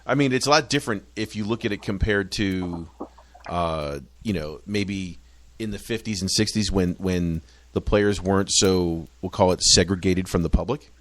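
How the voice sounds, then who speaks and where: A low-pitched man from the United States talks soccer on a podcast with an animated, restless delivery, tripping over his words and swearing freely. The sound is dry and close on the mic. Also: normal speed, dry recording. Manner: animated, swearing, frequent restarts. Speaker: podcast co-host. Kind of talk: casual sports chat.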